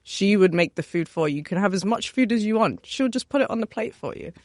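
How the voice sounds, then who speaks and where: A young woman chef from West London with a West London accent, chatting relaxed in an interview, laughing often and filling with "you know". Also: mid-range voice, quick pace, no echo, clean studio sound. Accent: West London English. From West London, England. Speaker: chef, guest. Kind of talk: casual interview chat.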